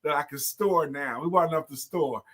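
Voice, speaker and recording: A man co-hosting a casual talk show, energetic and upbeat. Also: fairly high pitch, moderate pace, husky. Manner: energetic, upbeat, sings short greeting jingles.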